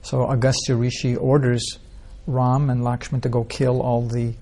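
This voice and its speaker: A man's voice: medium pitch, level tone, moderate pace, mellow. A man teaching an informal scripture class, telling stories in a rambling way and asking the listeners rhetorical questions. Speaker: spiritual teacher.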